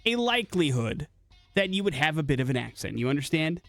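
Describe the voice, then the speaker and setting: A man's voice: a little high, very animated, brisk, vocal fry, dry recording, soft background music. A man from the Midwest hosting a morning radio show in a casual, rambling way, full of fillers and restarts. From American Midwest. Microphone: studio microphone.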